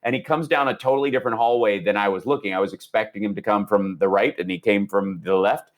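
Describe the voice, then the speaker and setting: Lively storytelling man, low voice. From Indiana, USA. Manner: fast, energetic, acts out quoted voices. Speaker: guest. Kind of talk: animated storytelling.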